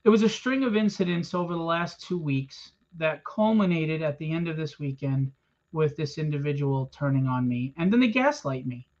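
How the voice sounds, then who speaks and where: A comic book publisher, speaking in a slightly high, expressive voice with a darkish tone at a normal speed, delivers a blunt, confrontational rant to a small crowd in a convention room. He swears freely throughout. The audio is a dull, lo-fi event recording.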